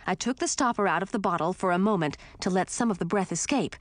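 A woman reading a fantasy story aloud as narrator, in a clear storytelling read. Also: mid-range voice, fast, no echo. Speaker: audiobook narrator. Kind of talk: scripted narration.

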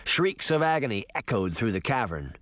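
Expressive male audiobook narrator. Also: mid-range voice, moderate pace, no echo. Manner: dramatic, expressive. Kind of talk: scripted narration.

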